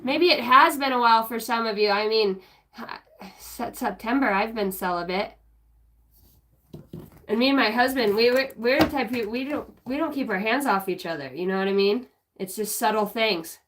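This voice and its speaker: A woman's voice: a little high, normal speed, a bit bright, a little hiss or hum. A woman on a casual spiritual livestream, rambling, giggling often and humming bits of songs as she goes.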